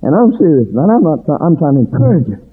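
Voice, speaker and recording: Preacher man with soaring, husky voice. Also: on the high side, very animated, fast. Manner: rhythmic, swooping preaching cadence with shouted refrains. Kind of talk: sermon. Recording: tinny phone-like sound.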